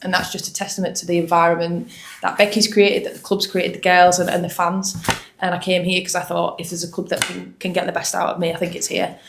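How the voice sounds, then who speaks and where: A woman's voice: on the low side, little pitch movement, fast talker, vocal fry, reverberant, a little hiss or hum. A young woman footballer from Hull with a Hull accent, answering post-match interview questions in a chatty way, with frequent ums and restarts. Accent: Hull English. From Hull, England.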